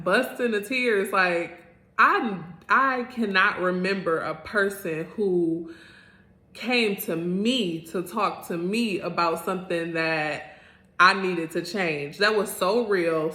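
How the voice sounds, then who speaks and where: Brief: woman in her 30s, vlogger, low voice, earnest and animated storytelling in a roomy, echoey space. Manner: earnest and animated, with lots of "like" fillers. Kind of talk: candid personal storytelling. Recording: roomy echo.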